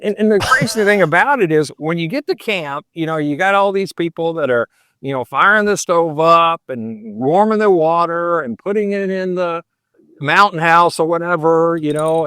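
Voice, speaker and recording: A man's voice: on the high side, moderate pace, fairly bright tone, smooth, dry recording. A man in his seventies, a pastor and long-distance hiker, chatting as a podcast guest in a folksy, rambling way. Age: 70s. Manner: folksy and rambling, full of "you know" and "man". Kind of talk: casual interview chat.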